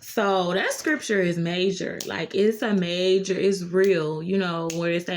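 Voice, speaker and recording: A woman's voice: lowish voice, unhurried, slight background noise. A young adult woman, a nurse, telling a casual storytime vlog, earnest and encouraging with lots of "like" fillers. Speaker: nurse and vlogger.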